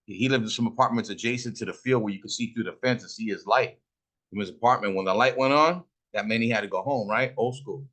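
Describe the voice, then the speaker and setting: A man's voice: on the low side, quick pace, a bit bright. A middle-aged man from Fresno, California, telling stories casually while smoking, profane, boastful and full of slang. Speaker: host.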